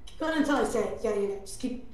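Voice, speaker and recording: Woman, fairly high voice, playful bossy directions, roomy echo, slight noise. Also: animated, fast, darkish tone. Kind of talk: gaming voice chat.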